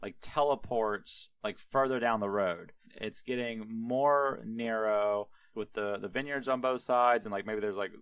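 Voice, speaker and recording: A man's voice: fairly low pitch, measured pace, hardly any pauses, a bit bright, clean tone, no room sound. A man, a podcast host, retelling a story casually, rambling with lots of fillers and swearing. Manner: rambling, filler-heavy, profane.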